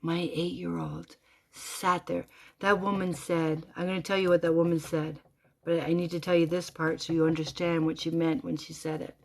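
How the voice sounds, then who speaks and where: A woman telling a personal story in a casual, animated way, dropping to hushed whispers and rising to loud exclamations. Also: on the low side, moderate pace, gravelly.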